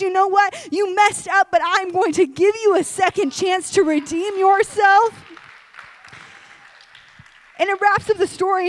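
A young woman preaching to a youth group in a gym, telling stories animatedly and checking in with "okay?" after nearly every line. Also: extremely high pitch. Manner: animated storytelling, peppered with "okay?". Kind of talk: energetic sermon to a youth group.

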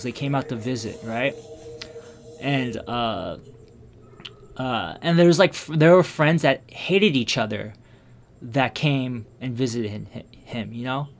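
A man chatting casually, recounting a personal memory. His delivery is halting and reflective, with frequent restarts and fillers. He often lets his words trail off into quiet, subdued murmurs. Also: mid-range voice, a little hiss or hum. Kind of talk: casual conversation, telling a personal story.

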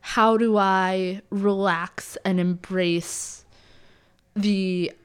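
A woman's voice: mid-range voice, fairly even intonation, extremely slow, clear, resonant tone. A woman talking candidly and with self-deprecating humor in a casual faith conversation.

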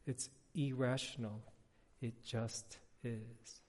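A man pastor giving a casual, animated sermon, telling stories with lots of filler words. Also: mid-range voice, slow pace. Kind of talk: conversational sermon. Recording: long hall reverb.

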